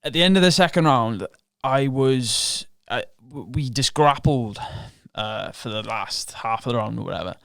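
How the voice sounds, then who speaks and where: A man on a podcast recounts a fight in loose, candid storytelling, swearing freely and slipping into the voices of his own racing thoughts. His voice is mid-pitched and recorded close and dry, with no room sound around it. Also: moderate pace, gravelly, hardly any pauses, a bit bright, clear, resonant tone, dry recording. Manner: frank and profane, relives moments with quoted inner thoughts. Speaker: podcast guest, professional MMA fighter. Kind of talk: casual interview storytelling.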